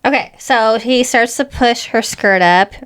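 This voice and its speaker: Woman podcast co-host, chatty and giggly, retells scenes at a brisk clip. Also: on the high side, a bit bright, smooth. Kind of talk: casual chat summarizing a book.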